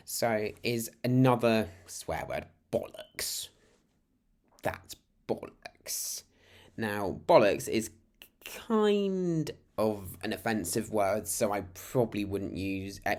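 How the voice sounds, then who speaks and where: A man's voice: lowish voice, darkish tone. A British man from the United Kingdom giving a casual, chatty lesson to camera. He rambles and restarts his sentences often. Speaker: language teacher.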